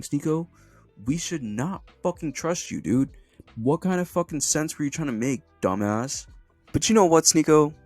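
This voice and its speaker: A man's voice: medium pitch, a little mellow. A young man doing ranting commentary, angry, profane and mocking. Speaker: commentary YouTuber.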